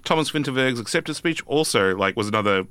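A man with a bright, forceful tone and a smooth, resonant voice, talking through film picks in a halting way full of "uh"s and restarts. His voice comes across dry and close, with no room around it. He sounds like a podcast co-host in casual conversation. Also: medium pitch, expressive, no echo. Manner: hesitant, many fillers.

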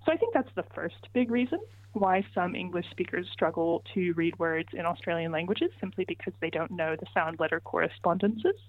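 A woman's voice: on the low side, animated, fairly quick, dry recording. Woman explaining over a tinny phone line. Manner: patient, methodical, walks through examples. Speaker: linguist guest explaining pronunciation. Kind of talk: explanatory interview answers.

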